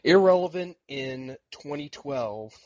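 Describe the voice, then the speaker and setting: A man on a comedy panel show, slowly reasoning his way through guesses. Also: fairly high pitch, lively intonation, dull audio, a crowd in the background. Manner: slow, guessing aloud. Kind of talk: casual comedy panel banter. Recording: live audience noise behind.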